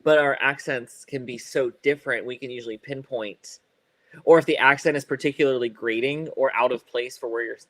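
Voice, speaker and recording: Rambling podcast co-host with a stutter. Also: male voice, medium pitch, steady tone, a little fast, fairly bright tone, no echo. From Ohio. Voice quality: occasional stutter. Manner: rambling, many fillers and restarts, laughs often. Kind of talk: casual chat.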